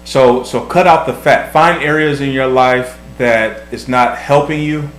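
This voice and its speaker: A man in his thirties, a vlog host and husband, offers marriage advice in casual conversation, sounding earnest and reflective. His voice sits at medium pitch with a measured pace, and he often repeats words while thinking. The recording has an echoey room and a faint hum.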